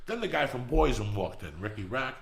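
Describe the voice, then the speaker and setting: A middle-aged man hosting a podcast, telling a long story with constant swearing and rising excitement. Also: mid-range voice, brisk, creaky, echoey room. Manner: profane, animated storytelling. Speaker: podcast host. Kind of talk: storytelling monologue.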